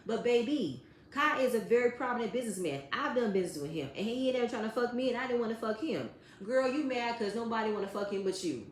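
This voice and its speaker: A woman's voice: medium pitch, slight background noise. A woman giving a blunt, profane recap of a reality TV episode, talking straight at the cast members. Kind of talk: casual commentary recap. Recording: roomy echo.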